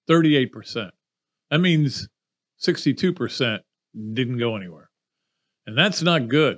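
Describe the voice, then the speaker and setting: Guy hosting a sports podcast, rambly and opinionated, mid-pitched voice. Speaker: podcast host. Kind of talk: casual sports commentary.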